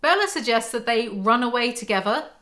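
A woman's voice: fairly high pitch, animated, a little fast, sharp tone. A woman recapping a book in a casual, sarcastic way, full of mocking asides. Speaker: book commentary YouTuber.

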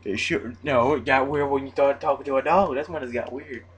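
A man hosting casual gameplay commentary, excitable and jokey, who breaks into mock-outraged shouts. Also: medium pitch, fairly quick, muffled recording. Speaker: gaming channel host.

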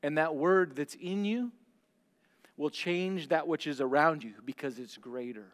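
A male pastor preaching a sermon, swinging between loud declarations and hushed, slow lines. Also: a little high, long reverb tail.

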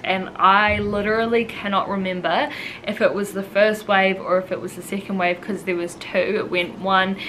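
A woman's voice: lowish voice, fairly bright tone, slight background noise, low-quality recording. A young woman from New Zealand telling a personal story to camera in a rambling, emotional way, full of "like" and "um". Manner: rambling, heavy use of "like" and "um", emotional. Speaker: vlogger.

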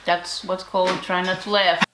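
A woman's voice: fairly low pitch, flat delivery, moderate pace. A woman co-hosting a family channel, trading dry, sarcastic banter in casual chat. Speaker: co-host. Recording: echoey room with clear background noise.

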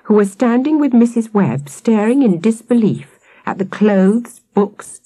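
Expressive husky woman narrator. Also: medium pitch, no room sound. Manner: expressive, dramatic reading. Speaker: audiobook narrator. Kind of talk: children's audiobook narration.

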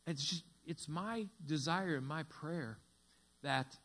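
A pastor delivers a sermon in a fairly high voice. He tells stories and acts out the quoted speech with rising energy. A faint mains hum sits under the recording. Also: slow. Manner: tells a story, reading dialogue with lively voices. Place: church sanctuary.

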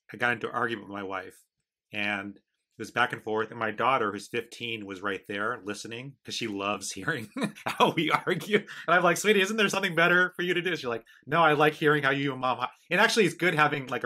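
A man in his forties hosting a podcast interview, telling stories in quick, animated bursts. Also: fairly low pitch. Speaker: podcast host.

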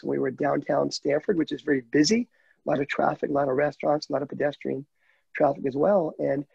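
Heartfelt man, husky and gravelly, dry dull lo-fi call sound, higher voice. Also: no room sound. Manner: heartfelt, candid, chokes up at times. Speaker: guide dog client telling his story. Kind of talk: emotional interview storytelling.

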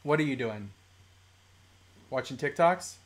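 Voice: mid-range voice, expressive, measured pace. Chatty toy-collecting live-stream host. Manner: chatty, mildly profane, laughs often. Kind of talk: casual live-stream chat. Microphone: desk microphone.

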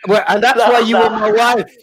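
A man hosting a casual show, joking and teasing his guests with quick restarts. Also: high voice, flat delivery, a crowd in the background. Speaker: host. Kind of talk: casual chat on a live show.

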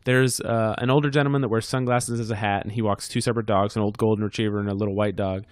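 A man's voice: lowish voice, steady tone, quick pace, dry recording, studio quality. A man co-hosting a casual podcast, telling a heated story with lots of swearing. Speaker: podcast co-host.

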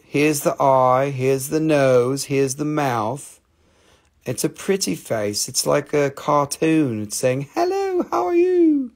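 A man with a high voice and a gravelly edge hosts a live stone sale, bantering and calling prices. His phrasing runs a little broken, and he keeps up a running stream of teasing jokes. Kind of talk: live sales stream chat.

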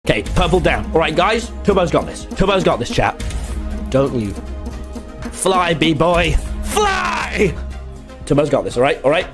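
A man streaming a game, talking loudly and excitably and yelling in bursts. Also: fairly high pitch, normal speed, music in the background. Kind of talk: live-streamed gaming chat.

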